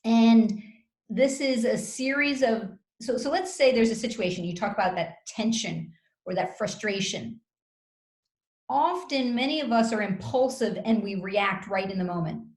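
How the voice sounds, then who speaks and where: A woman giving communication advice as an interview guest, explaining step by step in a measured way with deliberate pauses, over a video call. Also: fairly high pitch. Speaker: communication skills guest expert. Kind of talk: coaching advice in conversation. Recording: roomy echo.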